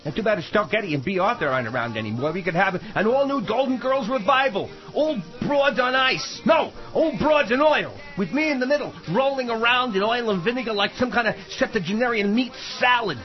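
A man's voice: very high-pitched, expressive, a little fast, few pauses, dull audio, faint music behind. A man voicing a crude, boastful old male showbiz manager as a radio comedy impression. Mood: gleeful. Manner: boastful, shouting, gleeful.

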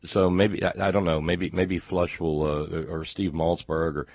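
A deep, husky man delivers a sarcastic talk-show monologue that rambles and stumbles over repeated words. His voice is dry and close, and the recording sounds dull and lo-fi. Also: level tone, measured pace, no room sound. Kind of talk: political commentary monologue.

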